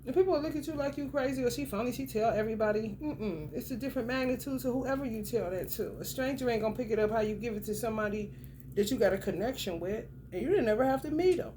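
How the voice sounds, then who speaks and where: A woman's voice: a little high, quick pace, warm tone, slight background noise. A woman giving a casual tarot reading to the camera, blunt and profane, talking straight at the viewer with lots of emphasis. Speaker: tarot reader.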